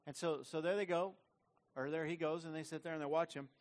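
A man's voice: a little high, fairly even intonation, fairly quick. A man preaching a sermon in a conversational, repetitive way. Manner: conversational preaching with frequent repeated words. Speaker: pastor.

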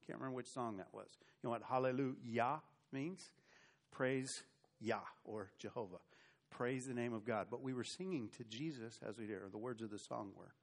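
A middle-aged pastor delivers a sermon, swinging energetically between loud and quiet and tossing in humorous asides. His pitch is medium and his pace moderate.

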